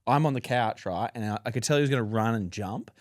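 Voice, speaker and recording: A man's voice: mid-range voice, fast, no echo, clean studio sound. A man co-hosting a podcast, laughing often and teasing his co-host. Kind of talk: casual chat.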